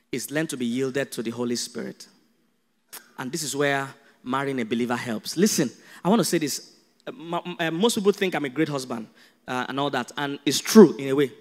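A man with a Nigerian accent preaching a sermon as a pastor, animated and humorous. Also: mid-range voice, in a large hall. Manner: animated, humorous, acts out dialogues.

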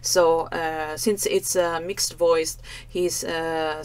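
A woman's voice: on the low side, fairly even intonation, takes it slowly, few pauses, no echo. Thoughtful woman vocal coach with fillers. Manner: thoughtful, many fillers, demonstrates vocal sounds. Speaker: vocal coach reacting to a performance. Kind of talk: reaction video analysis.

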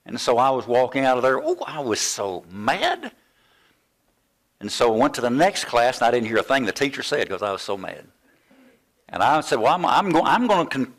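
Older male pastor, sermon delivery, lively storyteller, medium voice. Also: mid-range voice. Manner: animated storytelling, acts out quoted voices.

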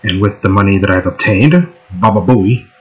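A man's voice: deep voice, expressive, normal speed, poor audio. A man hosting a let's play, giving casual gameplay commentary in a laid-back, joking way.

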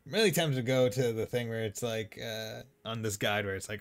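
A man's voice: on the low side, fairly quick, hardly any pauses. A man with a Boston accent streaming a video game, chatting casually and rambling with lots of fillers. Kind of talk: casual let's-play chat. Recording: faint game music behind.

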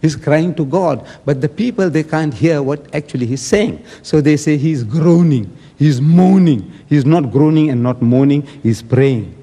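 Male debater, forceful and argumentative, slightly high-pitched, recorded with long hall reverb. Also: measured pace, hardly any pauses. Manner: emphatic, argumentative, acting out quoted speech. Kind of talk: public debate speech.

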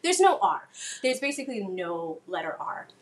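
A woman's voice: fairly low pitch, sing-song, normal speed. A woman from the Boston area with a Boston accent, a teasing, giggly guest on a cooking stream. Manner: giggly, teasing, laughs a lot. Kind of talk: casual chat over a call.

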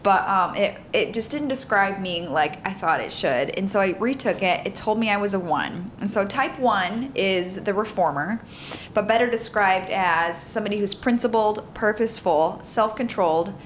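A woman co-hosting a podcast with her husband, chatting casually and animatedly, laughing often and explaining in quick bursts. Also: medium pitch, animated, a little hiss or hum. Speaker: podcast co-host. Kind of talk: casual married-couple chat.

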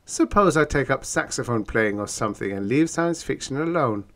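A man's voice: mid-range voice, lively intonation, normal speed, fairly bright tone, voice pushed up, natural voice. A man voicing a nervous male writer in an audiobook, anxious and stammering in a raised voice. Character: nervous jittery male science-fiction writer. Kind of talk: audiobook character voice.

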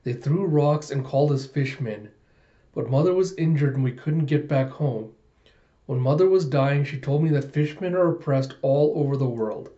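A man's voice: a little high, normal speed, mellow, highs cut off, natural voice. Man voicing a lonely orphaned river imp. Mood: sad.

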